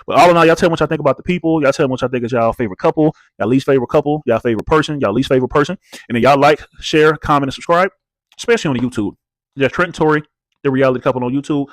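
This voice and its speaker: Fast-talking blunt male recap host. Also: mid-range voice, no room sound. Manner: blunt, profane, slangy, rhetorical questions. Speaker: host of a reality TV recap channel. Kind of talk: casual recap commentary.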